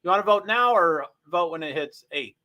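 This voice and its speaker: A man's voice: a little high, expressive, moderate pace, bright, forceful tone. A man hosting a casual livestream, chatting with viewers, thinking aloud and reading race stats off the screen. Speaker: livestream host.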